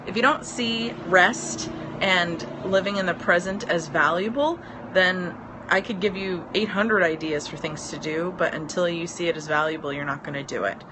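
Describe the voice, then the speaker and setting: Road noise drifts across the porch where this woman in her thirties, a business mentor, hosts a casual live stream. She talks at a moderate pace in a lowish voice, rambling, laughing easily and saying um a lot.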